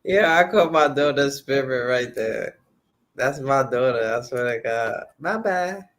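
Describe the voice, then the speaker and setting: A man's voice: medium pitch, fairly even intonation, unhurried, fairly bright tone. Laid-back man joking as a stream guest. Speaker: guest on a livestream. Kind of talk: casual livestream chat.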